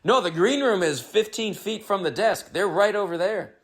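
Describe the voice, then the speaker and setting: A man's voice: high-pitched, moderate pace, fairly bright tone. A man hosting his own podcast, telling a comedic story in a rambling, wry, self-interrupting way.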